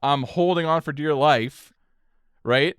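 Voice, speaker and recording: A man's voice: fairly high pitch, slow, smooth, no echo, studio quality. A young man co-hosting a podcast, telling a story in casual chat with swings of energy and a lot of swearing. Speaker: podcast co-host.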